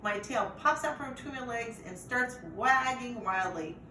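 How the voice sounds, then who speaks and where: A woman reading a chapter book aloud to children in a lively way, pausing to ask the listeners questions. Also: on the high side. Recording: roomy echo, distant mic, faint noise.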